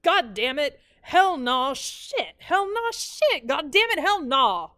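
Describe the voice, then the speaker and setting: A woman's voice: sits high, very animated, no echo, studio quality, voice pushed up, exaggerated voice. A woman voicing a drunk, hot-tempered man from the South who fires off curses. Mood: furious. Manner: shouted rapid cursing.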